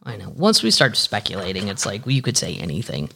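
A chatty podcast host with a gravelly voice rambles through stories. The host swears freely and reads news aloud with sarcastic asides. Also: deep voice, huge pitch swings, fast talker, fairly bright tone. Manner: candid, profane, rambling. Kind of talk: casual chat.

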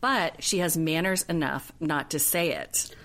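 A woman co-hosting a podcast, casually recapping a reality show in animated retellings and quoting people in put-on voices. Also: sits low, a little slow. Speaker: podcast co-host.

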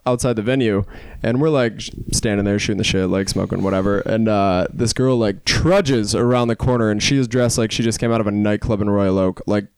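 A man telling animated, profane stories on a casual comedy podcast, laughing often and filling his talk with "like". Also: fairly low pitch, fairly quick, few pauses, slight background noise. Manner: animated, profane, laughing storyteller with many "like" fillers. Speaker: guest comedian.

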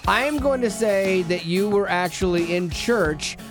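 A man's voice: high-pitched, faint music behind. A man hosting a radio show, joking and teasing as he chats with callers and his co-host. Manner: playful, teasing, quick with jokes. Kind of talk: joking morning radio chat.

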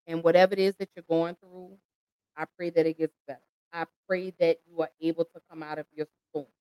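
A woman's voice: low-pitched, steady tone, brisk, dark tone, smooth, no room sound, rough recording. Impassioned American woman, dry close sound. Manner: impassioned, pleading, addresses listeners as y'all. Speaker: host. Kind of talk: emotional commentary.

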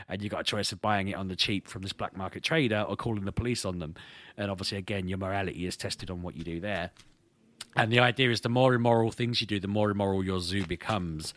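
A man chatting casually on a podcast, telling rambling, amused stories with a slightly hoarse voice. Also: lowish voice, fairly quick, a bit bright, no echo. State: slightly hoarse, clearing throat. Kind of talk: casual chat.

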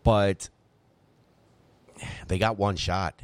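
Male political show host, deep and dry, forceful and repetitive when he argues a point. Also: very slow, smooth, no room sound. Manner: emphatic, animated, repeats himself when making a point. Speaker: podcast host. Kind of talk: political talk show commentary.

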